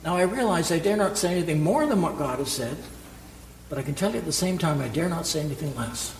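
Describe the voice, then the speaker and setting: Male pastor, fairly high voice, preaching emphatically in a church with long reverb. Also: animated, brisk, a little hiss or hum. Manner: emphatic, rhetorical questions, repeats key words. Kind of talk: sermon. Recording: echoey hall with long reverb, faint ambience.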